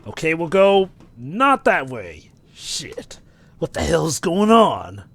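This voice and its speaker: A man voicing a gruff, brooding young male mercenary in a flat, terse, deadpan way during a game playthrough. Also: on the high side, slow pace, faint music behind, heavily acted.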